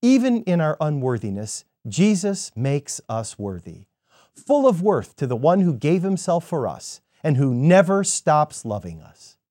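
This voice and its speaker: A man giving a scripted devotional sermon in an expressive storytelling manner. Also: a little high, a little slow, no room sound, studio quality. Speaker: devotional speaker.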